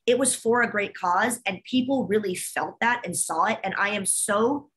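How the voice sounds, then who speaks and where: A woman's voice: mid-range voice, moderate pace, fairly bright tone. A woman co-hosting a chat show, talking in a gushing, emotional, effusive way. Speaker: podcast co-host. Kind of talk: casual chat.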